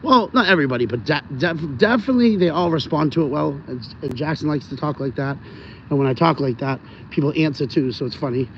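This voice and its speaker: A man's voice: on the high side, lively intonation, fast. A man streaming live from his phone while walking his dog outdoors, rambling casually and talking straight to his viewers. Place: outdoors on a rainy city street. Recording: dull phone audio with street noise.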